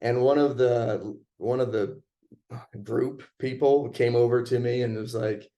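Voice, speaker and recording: A man's voice: mid-range voice, fairly even intonation, a little slow, warm tone, dull audio. A young man telling a personal story in a casual chat, laid-back and chuckling as he goes.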